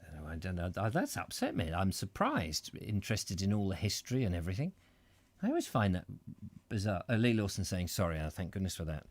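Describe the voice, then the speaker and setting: A middle-aged man who reads aloud and keeps wandering off into chatty asides. His pitch swoops all over the place as he goes, and the recording sounds close and dry, with no room around it. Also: wildly swooping pitch, a little fast, no room sound. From Britain. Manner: rambling, self-interrupting, chatty asides. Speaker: reader and host. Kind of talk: live reading with chat comments.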